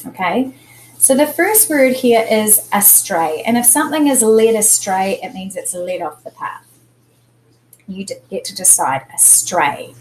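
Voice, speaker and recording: A woman teacher of middle age walks students through a spelling lesson at a calm, patient pace. She explains step by step and leans on the stressed syllables. A faint hiss of noise sits under her voice. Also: mid-range voice, poor audio.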